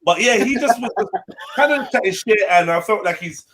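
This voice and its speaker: A man hosting a casual panel chat, slangy and animated, with quick swings in loudness. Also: high voice, a little hiss or hum.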